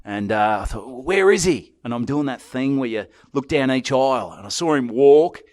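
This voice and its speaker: A man's voice: medium pitch, moderate pace, a little mellow, no echo, clean studio sound. A man with an Australian accent, co-hosting a podcast and telling a story in casual banter. He swears freely and acts out his own reactions. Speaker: podcast co-host.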